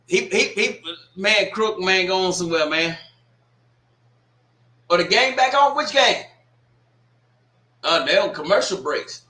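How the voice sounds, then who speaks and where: A man's voice: high voice, lively intonation, slow, long pauses, pushed and bright. A man hosting a sports watch party livestream, reading comments aloud and scolding a troll with laughs and swearing. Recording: echoey room.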